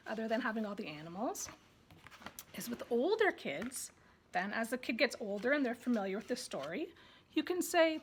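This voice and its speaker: A woman's voice: high-pitched, fairly bright tone, slightly rough. A woman who is a child development coordinator, giving a parenting lesson with sing-song baby-talk demonstrations.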